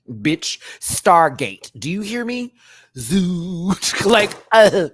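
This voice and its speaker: A man's voice: high-pitched, big pitch swings, drawn-out words. A man hosting a live stream, giving casual, sassy, campy commentary on a reality competition show and talking straight to his viewers.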